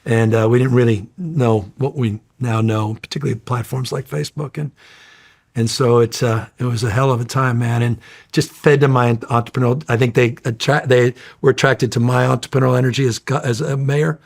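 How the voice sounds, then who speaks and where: A middle-aged man telling stories in a casual interview, energetic, rambling and profane. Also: mid-range voice, brisk, gravelly. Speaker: interview guest.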